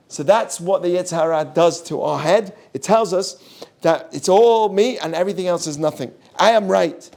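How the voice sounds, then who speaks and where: Rabbi giving a class: man, high voice, animated, quizzes the room. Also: normal speed, vocal fry. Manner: animated, asks the audience questions, mixes in Hebrew terms. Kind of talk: lively Torah class.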